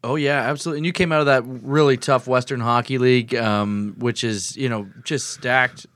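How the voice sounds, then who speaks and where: A man's voice: medium pitch, fairly even intonation, brisk, fairly bright tone. A man hosting a podcast, asking questions in a casual, chatty way with frequent laughs. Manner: chatty, laughs often, with fillers. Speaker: podcast host. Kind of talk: casual interview chat.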